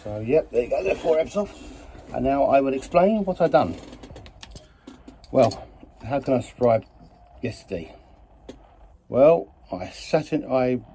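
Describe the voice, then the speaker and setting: A man's voice: mid-range voice, mellow, slightly rough. A man telling a rambling, chatty story about his week and his model railway, often correcting himself mid-sentence. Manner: chatty, meandering, self-correcting. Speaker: model railway hobbyist vlogger.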